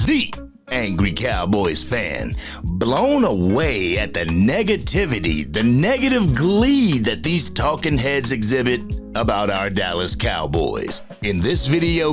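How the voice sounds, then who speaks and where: A man, giving casual fan commentary and addressing his viewers directly in a punchy way. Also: mid-range voice. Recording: music playing behind voice.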